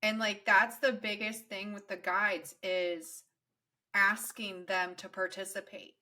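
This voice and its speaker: A woman's voice: mid-range voice, little pitch movement, slow pace, bright, forceful tone. A woman hosting a casual interview, affirming her guest and speaking of spiritual guides. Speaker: host.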